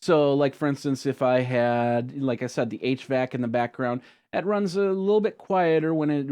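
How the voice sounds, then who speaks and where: A man explains software settings step by step in an easygoing, rambling way, full of ums and self-corrections. His voice sits at an ordinary middle pitch. The delivery is casual rather than polished. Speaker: tech tutorial host. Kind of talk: screen-recorded software tutorial.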